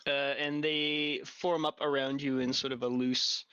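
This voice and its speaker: A man's voice: medium pitch, little pitch movement, a little slow, sharp tone, clear, resonant tone, no room sound, highs cut off. A man with a sore throat narrating a tabletop game as dungeon master, talking casually with many fillers. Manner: casual, many fillers and restarts while describing scenes. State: getting over a cold, sore throat.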